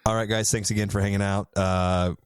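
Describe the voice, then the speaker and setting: A man's voice: fairly low pitch, little pitch movement, brisk, clean tone. A man hosting a podcast in casual chat, joking and wrapping up the show. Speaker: podcast host.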